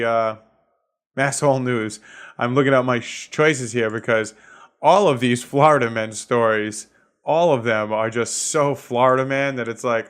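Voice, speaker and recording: A man's voice: medium pitch, unhurried, fairly bright tone, clear, resonant tone. A man with a Boston accent, a comedian hosting his own podcast, ranting casually and swearing a lot while laughing at his own jokes. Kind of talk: solo comedic podcast rant.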